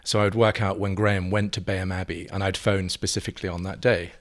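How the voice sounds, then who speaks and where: An English painter telling playful, theatrical anecdotes in a relaxed interview chat, often breaking into giggles. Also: male voice, deep voice, quick pace. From England. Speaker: guest, painter.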